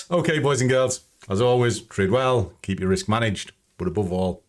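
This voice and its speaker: At a normal speed and with a medium-pitched voice, a home-based trading channel host talks casually through what's on his screen, blunt and chatty, with plenty of swearing.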